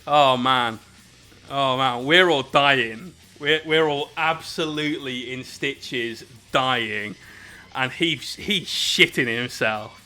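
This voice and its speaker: A man's voice: mid-range voice, slow pace, sharp tone, soft background music. A British man casually telling a rambling, swear-filled story while painting miniatures on stream.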